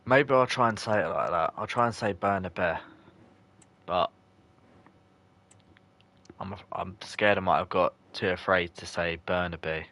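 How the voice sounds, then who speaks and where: A man's voice: sits low, measured pace, long pauses, pushed and bright. A man live-streaming a football video game, chatting loosely with his viewers, joking in slang and swearing when things go wrong. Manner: chatty and loose, answers chat viewers by name. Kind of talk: casual live-stream commentary, reacting to chat.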